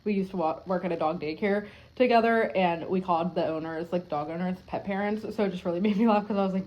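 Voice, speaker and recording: A young adult woman vlogging at home, telling a story in a rambling, animated way, full of filler words and frequent swearing. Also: fairly low pitch, fast, few pauses, muffled recording. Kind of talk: casual storytelling to camera.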